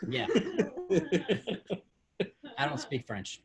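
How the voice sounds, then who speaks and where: A male co-host reading a comic story aloud and bantering, an animated storyteller who laughs often. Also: sits high, very slow, crowd noise. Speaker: podcast co-host.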